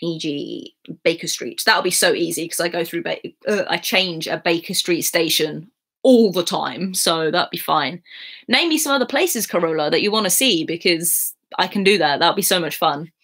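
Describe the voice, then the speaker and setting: A woman's voice: fairly low pitch, moderate pace, fairly bright tone. A young English woman chatting casually on a live stream at home, reading out and answering viewers' questions with easy laughs. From England. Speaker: YouTuber answering chat questions. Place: at home in bed.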